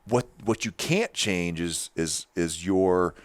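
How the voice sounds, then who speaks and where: A middle-aged man with a loud voice, telling stories on a podcast in an animated, emphatic way with many restarts. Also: deep voice, takes it slowly, a little hiss or hum. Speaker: podcast host. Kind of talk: casual podcast chat.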